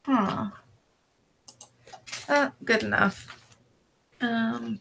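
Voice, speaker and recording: Slow, gravelly woman chatting at home. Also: mid-range voice, background noise. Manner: relaxed, rambling, talks to her pets in between. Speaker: reseller vlogger. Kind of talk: casual chat while working. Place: at home with dogs and a cat around.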